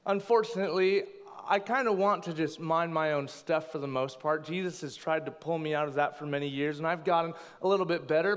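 A man in his thirties delivers a sermon as a pastor, weaving personal stories with playful asides. His voice is smooth and resonant and sits a little high. The sound carries a long reverb from a large hall.

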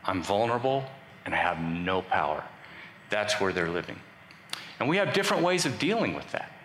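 This sermon comes from a man with a fairly low voice that swings widely in pitch, a bit bright and at a moderate pace. He's a pastor speaking conversationally and joking with his congregation in an echoey church sanctuary. Faint ambience and a little hiss or hum are audible.

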